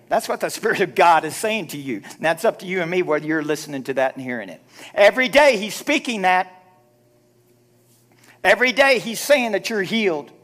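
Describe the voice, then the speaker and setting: A man preaching a sermon as a pastor in a church, building to loud emphatic repetitions and dropping low for quoted prayers. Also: lively intonation, brisk. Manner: preaching with rising, shouted emphasis and repeated phrases. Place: church sanctuary. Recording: live church sermon with music behind. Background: music.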